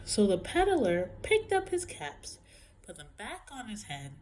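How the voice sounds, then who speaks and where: A woman reading a storybook aloud to children, slow and unhurried, her voice swooping high and low with lots of expression. She lets some words fall to a whisper, and a faint hum sits under the recording. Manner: expressive, playful, drops to whispers. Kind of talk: children's picture-book read-aloud.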